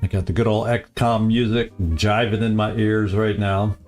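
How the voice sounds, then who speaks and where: A man's voice: on the low side, fairly even intonation, moderate pace, a little mellow, soft background music. Easygoing man chatting on a live stream. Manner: easygoing, chuckles often, repeats phrases. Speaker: live-stream game host. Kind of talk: casual live-stream chat.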